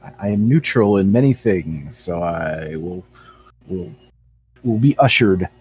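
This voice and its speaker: A man voicing a devout male turtle adventurer in a tabletop game, speaking formally and slowly. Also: deep voice, expressive, a little mellow, slightly rough, full character voice. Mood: earnest. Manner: formal, measured, slow.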